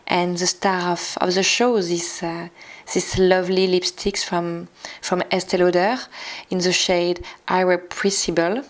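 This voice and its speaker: A woman with a French accent, a native French speaker, narrating a makeup tutorial in a soft, careful way, with small restarts and slips in English. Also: on the low side, level tone, measured pace. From France. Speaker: beauty vlogger.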